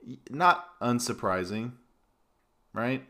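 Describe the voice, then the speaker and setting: A man hosting a casual sports podcast, reading sponsor spots and chatting with relaxed, easy banter. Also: medium pitch, slow pace. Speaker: podcast host.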